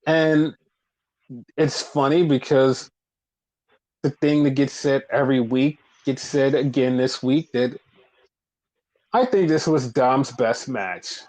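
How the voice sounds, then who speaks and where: Profane, animated podcast man. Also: medium pitch, takes it slowly, pauses often, low-quality recording. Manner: profane, animated retelling with put-on quotes. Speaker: podcast co-host. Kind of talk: casual wrestling recap chat.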